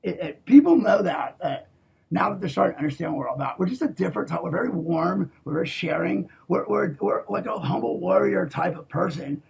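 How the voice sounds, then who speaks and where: Casting: raspy, fairly high-voiced man, rambling and profane, hushed to shouting. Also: animated, a little fast. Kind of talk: rambling monologue.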